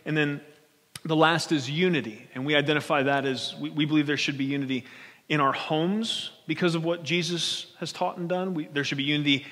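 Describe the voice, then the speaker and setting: A man preaching a sermon from the pulpit, his voice sitting a little high. He talks in a loose, conversational way and keeps checking in with the congregation. The church hall carries a long, lingering reverb. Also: fairly even intonation, a little fast, fairly bright tone. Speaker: pastor. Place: church sanctuary.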